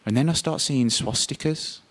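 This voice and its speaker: A man telling a first-person story on stage, lively and theatrical, his voice rising sharply when he acts out tense moments. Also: medium pitch, normal speed, no room sound. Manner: animated, voice jumps up when acting out scenes.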